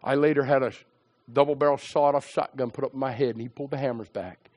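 A man's voice: mid-range voice, steady tone, fast talker, darkish tone. A middle-aged man preaching his personal testimony, emphatic and repetitive as he tells his story.

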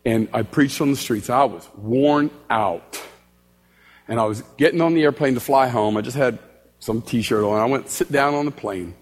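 A man's voice: mid-range voice, normal speed, long reverb tail. A male street preacher giving a storytelling sermon in a church, acting out both sides of his conversations. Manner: animated, acts out both sides of dialogue.

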